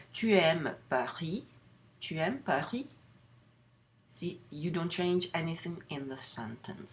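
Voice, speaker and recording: Slow, low-voiced woman teacher. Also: fairly bright tone. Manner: explains slowly with frequent fillers and restarts. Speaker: French teacher. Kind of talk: recorded lecture overview.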